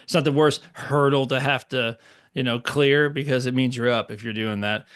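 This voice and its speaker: A man's voice: medium pitch, steady tone, moderate pace, a bit bright, smooth. A man co-hosting a basketball recap show, talking in a loose, casual way with plenty of fillers. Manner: loose, conversational, lots of fillers. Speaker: podcast co-host. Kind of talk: casual sports recap chat.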